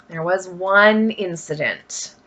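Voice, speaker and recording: Her voice fairly low and a bit bright, this woman vlogs casually, spinning chatty stories packed with fillers and emphatic asides.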